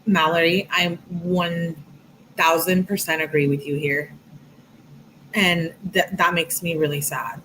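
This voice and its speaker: A woman's voice: on the low side, level tone, measured pace, fairly bright tone, slight background noise, low-quality recording. A woman reading text messages aloud and giving chatty, reflective commentary on a true crime case, with lots of "like" and "um". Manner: chatty, reflective, many fillers like "like" and "um".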